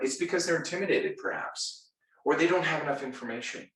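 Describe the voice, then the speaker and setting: A man giving an energetic retail sales training talk, enthusiastic, playful and direct with his audience. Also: fairly high pitch, brisk, far from the mic. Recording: echoey room, voice set back.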